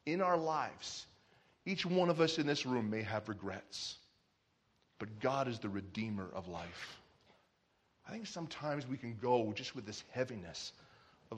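A man preaching a sermon, telling a nursery rhyme as an animated story with shouted character voices. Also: medium pitch, measured pace, pauses often, slightly rough. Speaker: pastor.

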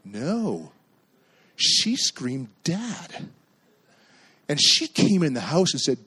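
A male pastor from Canada preaching a sermon, telling stories and acting out the voices in them, and shouting at the high points. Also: wildly swooping pitch, slow, pauses often, slightly rough. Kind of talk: sermon with storytelling.

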